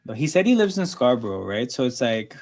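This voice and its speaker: In a mid-range, sing-song voice that's a little fast and a little mellow, this man hosts a relaxed sports watchalong stream. He's Canadian, talks loosely and conversationally, and fills his speech with "like" and "right?"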